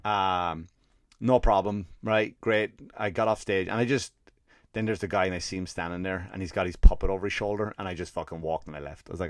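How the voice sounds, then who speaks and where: On his podcast, an Irish comic delivers a funny story as a swearing, fed-up tirade, voicing each character he quotes. He speaks low and slightly quickly, and the recording is clean studio sound with no echo.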